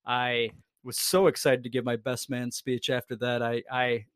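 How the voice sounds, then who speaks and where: A man in his thirties rambles through casual sports talk on a podcast, swearing freely and poking fun at himself. His voice sits at an ordinary middle pitch. The sound is close and dry, with no room in it. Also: level tone, moderate pace, fairly bright tone, clean tone, no room sound. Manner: rambling, profane, self-deprecating jokes. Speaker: podcast co-host.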